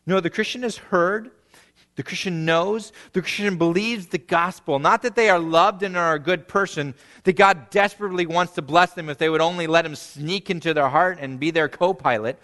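A man in his thirties preaching a sermon, swelling to emphatic peaks and dropping to hushed, quiet phrase endings. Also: sits high, normal speed, big-room sound. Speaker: pastor.

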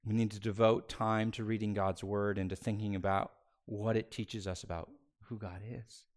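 A man preaching a sermon as pastor, swinging between loud, raised passages and hushed, near-whispered phrases, and slowing down to stress key words. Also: on the low side, flat delivery. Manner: slows down on key words for emphasis.

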